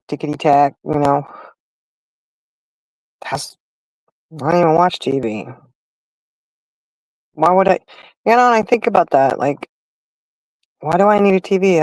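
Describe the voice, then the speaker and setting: A woman's voice: deep voice, darkish tone, dry recording, rough recording. A middle-aged woman hosting a livestream and chatting casually, telling stories straight to her viewers. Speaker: livestream host. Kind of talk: casual chat.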